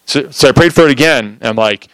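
A man preaching in a casual sermon, telling a testimony in an animated, storytelling way, with lots of "like" fillers. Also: mid-range voice, fast talker, clear, resonant tone, no echo, rough recording.

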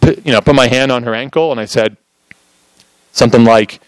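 A man preaching in a casual sermon, telling a testimony in an animated, storytelling way, with lots of "like" fillers. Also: mid-range voice, fairly quick, smooth, no echo, low-quality recording.

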